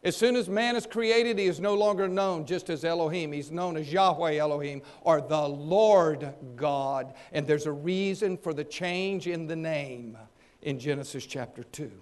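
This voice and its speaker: A man preaching a sermon, acting out the people in the story and swinging between loud and soft. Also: on the high side, normal speed. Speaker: pastor.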